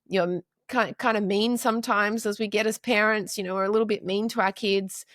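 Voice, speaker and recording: A woman's voice: mid-range voice, steady tone, brisk, no room sound, studio quality. A woman in her forties, a podcast guest and counselor, talking earnestly in casual interview chat and stringing her points into long lists of short phrases.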